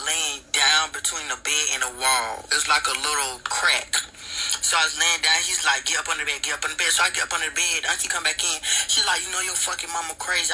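A man telling a story in a casual, profane and animated way, acting out the lines of the people in it. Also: on the high side, poor audio. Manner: profane, animated retelling with quoted dialogue.

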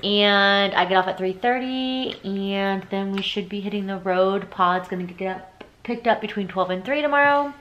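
A woman's voice: medium pitch, moderate pace, hardly any pauses, highs cut off. A young woman vlogging at home at night, chatty and emotional, close to tears, with lots of "like"s. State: teary. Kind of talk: casual nighttime vlog chat. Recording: loud background noise.

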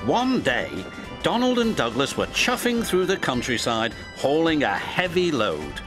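A man narrating a children's story with a lively, swooping delivery. His voice sits a bit high for a man. Music plays clearly under the narration. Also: a little slow.

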